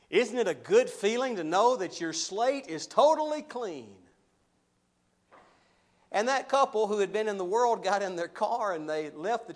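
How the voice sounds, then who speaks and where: A man preaches in a slightly high voice. He swings between loud, animated questioning and low, slow earnest points. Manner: animated, rising loud when voicing objections, dropping low and slow for solemn points. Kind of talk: sermon.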